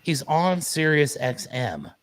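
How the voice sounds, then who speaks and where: A man co-hosts an online morning show, chatting casually and telling stories straight to his viewers, whom he calls "folks." He speaks slowly in a fairly high voice with big pitch swings.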